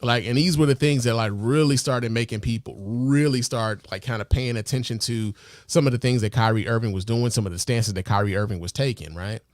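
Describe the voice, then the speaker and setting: A man hosting a casual podcast, talking loosely and with plenty of profanity. His voice sits at a middle pitch, and the recording is dry and close with no room echo. He keeps checking in with the listener through rhetorical questions. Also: a little fast. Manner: loose, profane, heavy with fillers. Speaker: podcast host.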